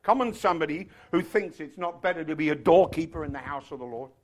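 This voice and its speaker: A man preaching a sermon, swinging from loud shouted passages to quiet, chatty, humorous asides. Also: a little high, lively intonation, fast. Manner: tells stories with humor.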